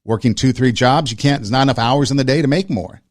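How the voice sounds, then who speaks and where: In a clean, dry studio recording, a man with a medium-pitched voice talks fast while hosting a podcast. He tells a personal story casually and earnestly, stringing together short listing phrases and repeating some for emphasis.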